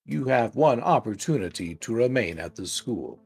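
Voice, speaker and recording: A man's voice: medium pitch, very animated, normal speed, creaky, darkish tone, husky, voice pushed down, exaggerated voice. A man voicing a cold, calculating male robot professor who speaks in a clipped, formal, menacing way.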